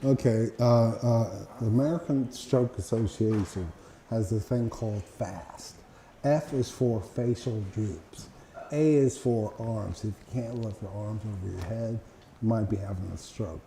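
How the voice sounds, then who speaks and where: Older man with halting, echoey speech. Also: fairly low pitch, mellow. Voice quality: speech that tires and falls apart. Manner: halting, with fillers and slow careful words. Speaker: guest. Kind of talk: interview answers. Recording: echoey room with faint noise.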